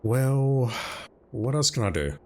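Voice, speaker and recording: A man's voice: medium pitch, big pitch swings, takes it slowly, a little hiss or hum. A man giving casual commentary while playing a video game, thinking aloud as he goes. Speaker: let's play commentator.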